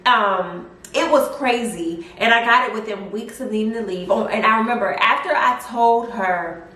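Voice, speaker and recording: A young woman telling a personal story in a casual vlog, chatty and animated with lots of fillers. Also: on the high side, moderate pace. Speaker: vlogger. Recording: roomy echo, mic at a distance.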